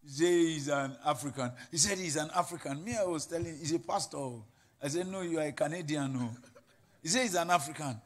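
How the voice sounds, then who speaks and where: A Nigerian pastor preaching a sermon, telling stories and quoting people in put-on voices, building to laughing shouts. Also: male voice, a little high, a little fast.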